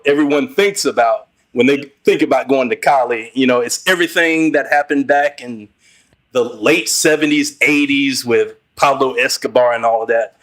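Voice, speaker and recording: A man's voice: mid-range voice, a bit bright. A man as a podcast guest in casual conversation, encouraging and leaning on fillers.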